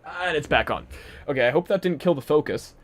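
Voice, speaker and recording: A livestream host from Poland, this man has a slightly high, lively voice and a brisk delivery. His accent is mixed and partly Irish, and he chats and rambles casually from a home room with a ring light, laughing often.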